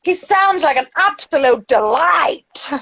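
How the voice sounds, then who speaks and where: A woman's voice: high voice, expressive, slow pace, vocal fry, bright, forceful tone, dry recording, rough recording. A woman in her thirties chatting casually as a podcast co-host, loose and laughing, with the odd swear. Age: 30s. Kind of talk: casual chat.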